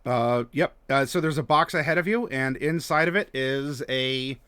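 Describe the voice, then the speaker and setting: A game master narrating a tabletop game in a relaxed, hesitant way. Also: medium pitch, normal speed, clean tone, dry recording. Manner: relaxed, hesitant, laughs often.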